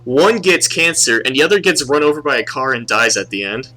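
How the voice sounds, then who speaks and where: A young man co-hosting a casual podcast, his voice bright and forceful. He talks in an animated way, swears often and jumps into high-pitched impressions of characters. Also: brisk. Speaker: podcast co-host. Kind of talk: casual movie review chat.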